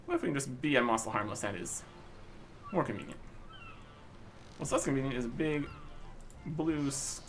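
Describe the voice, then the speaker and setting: A man giving casual let's-play commentary, wry and easygoing as he reads game text aloud. His pitch is lively and moves a lot. Faint music plays underneath. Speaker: gaming YouTuber.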